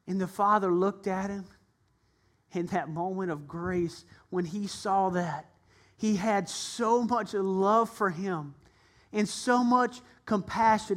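A man's voice: sits high, takes it slowly. A man pastor preaching a sermon, earnestly and emphatically, acting out the voices in his retelling. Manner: dramatic retelling with acted-out voices.

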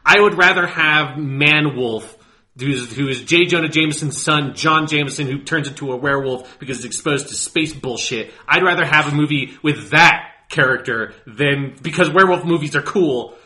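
A man's voice: on the high side, moderate pace, pushed and bright. A man co-hosting a casual podcast, rambling and swearing as he talks about movies. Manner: rambling, profane, laughs while talking. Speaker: podcast co-host.

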